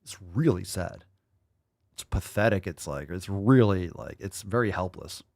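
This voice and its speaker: Animated, profane male podcast host. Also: low-pitched, unhurried, vocal fry, no room sound, clean studio sound. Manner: profane, incredulous, repeats phrases for emphasis. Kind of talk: casual ranting commentary.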